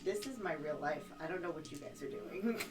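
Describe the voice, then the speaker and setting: A woman chatting casually at a game table, with a slightly low voice and a dry, joking manner. She is a bit away from the mic, with music playing behind her. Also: fairly quick, far from the mic.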